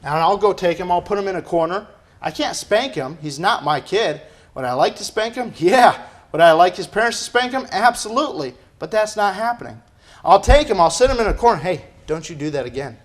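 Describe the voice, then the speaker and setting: A man's voice: high-pitched, expressive, fairly quick. A man preaching a sermon as pastor, emphatic and firing off rhetorical questions. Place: church.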